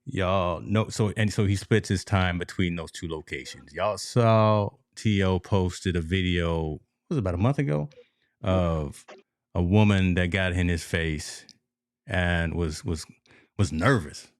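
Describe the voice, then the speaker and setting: Deep-voiced man hosting sports talk. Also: a little slow, no room sound, studio quality. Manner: animated storytelling, addresses listeners as folks. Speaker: podcast host.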